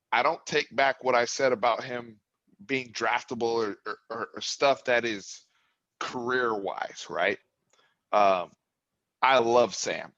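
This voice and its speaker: Bright-voiced man ranting about football. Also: mid-range voice, muffled recording. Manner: impassioned, builds to yelling. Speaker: sports talk host. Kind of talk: postgame fan reaction talk.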